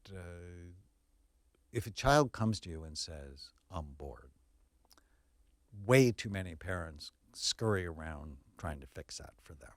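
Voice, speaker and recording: Man, child psychiatrist guest on a podcast; low, dry voice; earnest, emphatic explainer. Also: animated, measured pace, no echo. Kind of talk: podcast interview.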